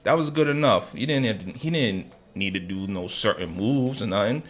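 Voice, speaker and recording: Lively animated male podcast host. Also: on the low side, moderate pace. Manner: animated storytelling, acts out quotes loudly. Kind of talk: casual chat.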